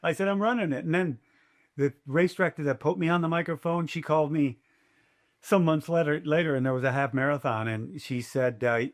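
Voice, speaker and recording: An older man, a race announcer, telling a story as a podcast guest in a lively, chatty way. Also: a little high, a little fast. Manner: lively, chatty, fond of quoting himself. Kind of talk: casual storytelling.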